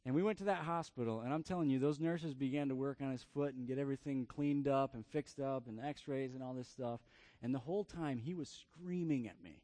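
A man in his thirties, a pastor preaching a sermon through a family story, often repeating words in quick bursts. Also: mid-range voice, warm tone, dry recording.

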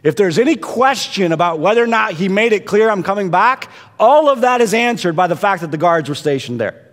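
A man preaching a sermon, building to intense peaks and dropping to hushed, quiet passages. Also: sits high, big pitch swings, brisk, long reverb tail. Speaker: pastor.

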